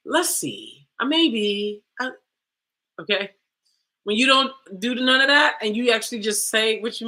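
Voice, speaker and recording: Woman livestream host, blunt and challenging, swooping pitch, bright voice. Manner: blunt, confrontational, full of rhetorical questions. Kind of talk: livestream talk.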